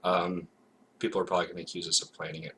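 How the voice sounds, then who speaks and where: A man's voice: low voice, monotone, racing, sharp tone, slight background noise. A man co-hosting a casual podcast, talking in a playful, hesitant way with many fillers. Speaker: podcast co-host. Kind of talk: casual chat. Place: home, recorded live.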